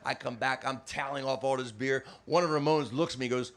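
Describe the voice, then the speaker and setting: An older man from New Jersey telling a stand-up story, animated, laughing as he goes and shouting out the lines he quotes. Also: mid-range voice, fast talker. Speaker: stand-up comedian.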